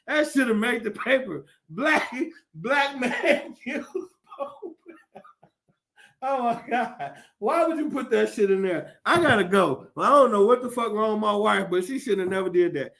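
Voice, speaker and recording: Gravelly high-voiced man ranting comically. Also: normal speed. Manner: profane, animated, laughs often. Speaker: podcast host. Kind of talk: comedic rant.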